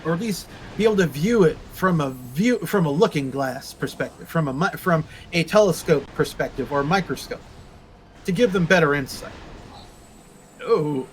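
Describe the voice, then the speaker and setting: A man's voice: a little high, fairly bright tone, a little hiss or hum, rough recording. A man streaming a game, ranting sarcastically and crudely in casual chat. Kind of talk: casual chat while gaming.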